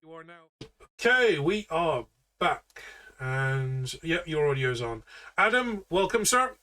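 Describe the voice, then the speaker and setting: A man's voice: fairly high pitch, very animated, takes it slowly, bright, forceful tone, far from the mic, low-quality recording. A man running a tabletop game from his bedroom, narrating and joking playfully. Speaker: game master. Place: bedroom at home.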